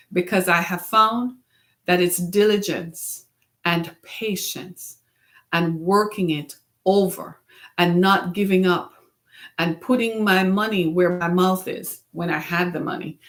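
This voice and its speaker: A woman's voice: medium pitch, a bit bright. A middle-aged woman hosting a web series, giving an earnest, preacher-like motivational talk and asking the listener questions.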